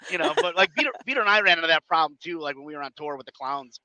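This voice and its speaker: A man telling animated stories in a casual podcast chat, acting out quotes and laughing often. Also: on the high side, very fast, no echo, rough recording. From Chicago area. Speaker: guest wrestler.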